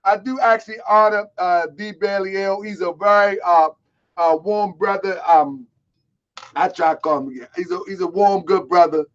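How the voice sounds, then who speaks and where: Loud high-voiced streetwise man. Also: fairly even intonation, moderate pace, muffled recording. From Baltimore. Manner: loud, boisterous, streetwise banter. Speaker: online show host. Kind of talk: casual live-stream talk.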